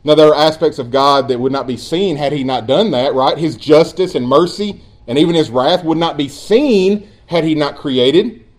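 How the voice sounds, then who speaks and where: Man, pastor, sermon, earnest, emphatic, slightly high voice. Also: moderate pace, few pauses. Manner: earnest, emphatic preaching with sudden drops to quiet asides.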